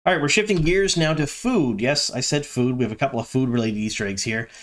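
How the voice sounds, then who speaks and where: A Canadian man with a mid-range, slightly bright voice talks fast while hosting a fan video. He's chatty and enthusiastic, dropping in frequent ums and asides.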